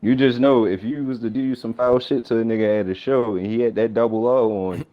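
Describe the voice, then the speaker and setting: A man co-hosting a podcast in casual chat, telling stories in an animated, slangy, emphatic way. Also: medium pitch, a little fast, muffled recording, a little hiss or hum. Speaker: podcast co-host.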